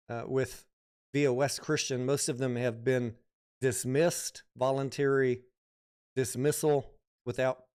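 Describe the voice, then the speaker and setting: A middle-aged man casually commenting on stocks during a livestream, thinking out loud and reading viewer comments aloud. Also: medium pitch, clean tone. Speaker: stock market livestream host.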